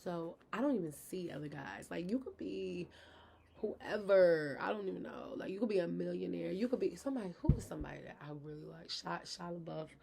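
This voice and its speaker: Vlogger mom, frank and chatty, talks straight to camera; faint noise underneath. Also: female voice, on the low side, brisk, vocal fry, dark tone. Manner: frank, chatty, addresses viewers directly. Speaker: vlogger, mother of her kids. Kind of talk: candid personal vlog talk.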